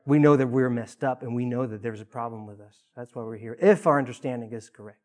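A male pastor delivers a sermon in an ordinary mid-pitched voice. His delivery is earnest. He leans hard on emphasis, then falls back to hushed, quiet lines. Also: fast. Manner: earnest preaching, swinging between loud emphasis and hushed asides.

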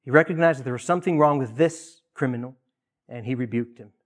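Male preacher, mid pitch, earnest sermon delivery with emphatic repetitions. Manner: earnest, rises in emphasis on key points with pauses and repeated phrases.

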